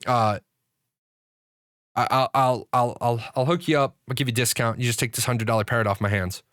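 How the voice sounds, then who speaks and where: A man's voice: medium pitch, fairly even intonation, brisk, a bit bright, no echo, studio quality, natural voice. A man voicing a pushy pet store owner in a joke, with wheedling sales patter.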